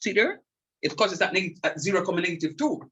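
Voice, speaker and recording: A middle-aged man lectures on calculus in a fairly high, husky voice. He keeps repeating his main point for emphasis and often stops to ask whether his students can see it. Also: sing-song, quick pace, a bit bright, rough recording. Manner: repeats key points emphatically and checks understanding. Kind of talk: classroom math lecture.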